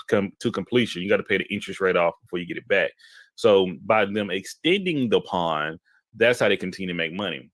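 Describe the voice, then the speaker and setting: A man's voice: on the low side, dry recording, clean studio sound. A young man telling a long story in casual chat, acting out the voices of the people in it. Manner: animated storyteller who acts out quotes.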